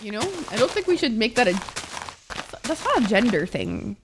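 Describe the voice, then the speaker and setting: A woman's voice: on the high side, big pitch swings, normal speed, background noise. A woman live-streaming a game and chatting with viewers, gushing and teary, swearing freely as she thanks them. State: teary, crying. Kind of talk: casual live-stream chat. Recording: music playing behind. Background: background music.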